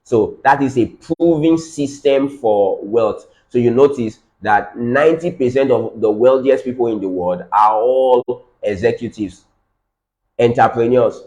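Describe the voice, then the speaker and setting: A man's voice: medium pitch, unhurried, a little mellow, low-quality recording. Emphatic Nigerian man teaching a business class. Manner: repeats key phrases for emphasis, quizzes the audience. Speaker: business trainer. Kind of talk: business training lecture.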